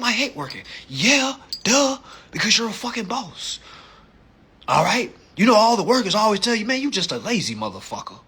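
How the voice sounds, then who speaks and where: Bright husky man ranting, profane. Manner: animated, swings between low mutters and loud outbursts; heavy cursing, acts out quoted voices. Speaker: social media live streamer. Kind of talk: profane motivational rant.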